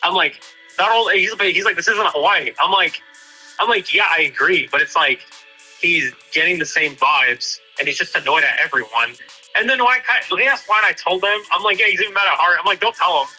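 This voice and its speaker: A man's voice: high voice, a little fast, pushed and bright, husky, faint music behind, rough recording. A man chatting casually with a friend, retelling a talk hesitantly with lots of fillers and "he's like". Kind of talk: casual chat.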